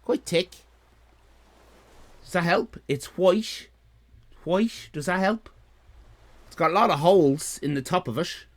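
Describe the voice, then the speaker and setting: An Irish man in his fifties chats casually on a live stream, rambling, repeating himself, and joking with his chat. His voice is high, and he speaks slowly with long pauses.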